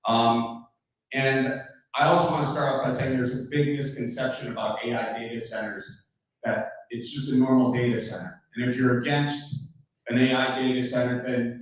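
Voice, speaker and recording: A man from Wisconsin, speaking casually at a community meeting, joking and rambling through anecdotes. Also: medium pitch. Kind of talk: casual public talk with jokes. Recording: very echoey hall, voice far from mic.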